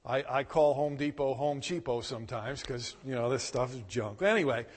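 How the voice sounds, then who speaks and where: A man preaching a sermon, telling a personal story with emphatic, animated delivery and loud bursts. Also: mid-range voice, moderate pace, husky, big-room sound. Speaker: pastor.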